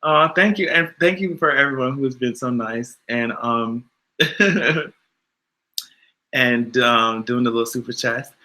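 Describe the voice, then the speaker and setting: A man hosting a casual livestream, animated and exasperated, swearing freely and answering his chat. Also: medium pitch, slow pace, long pauses. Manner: animated, exasperated, profane, talks back to chat. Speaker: YouTube livestream host.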